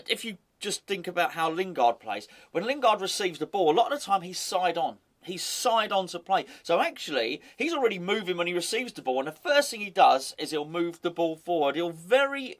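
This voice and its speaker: A man's voice: on the high side, fairly bright tone. A man hosting a football fan channel, giving chatty, opinionated commentary with wry asides.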